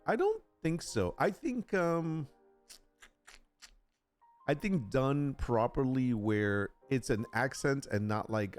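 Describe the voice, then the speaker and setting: Lively, chatty male streamer. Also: medium pitch. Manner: chatty, reads aloud, jokes with chat. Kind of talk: casual live-stream chat.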